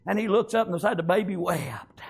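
A man's voice: high voice, expressive, a little fast, slightly rough. A man preaching a fervent sermon, peppering it with amens and praise God.

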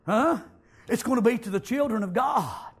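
A man preaching a fiery revival sermon in a church, punctuating nearly every line with "amen" and shouted praise. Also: extremely high pitch, lively intonation, moderate pace, breathy edge.

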